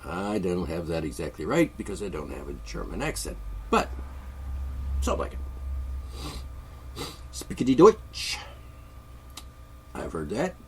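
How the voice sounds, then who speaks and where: A man's voice: low voice, sing-song, fairly quick, slight background noise. A man with congested sinuses, delivering a sarcastic, rambling political monologue from his studio. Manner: sarcastic, mocking, chuckling. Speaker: podcast host. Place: home studio.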